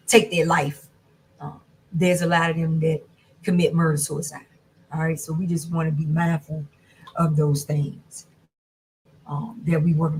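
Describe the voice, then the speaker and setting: A woman teaching a class on domestic violence, speaking in an earnest, repetitive, conversational way with many fillers. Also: lowish voice.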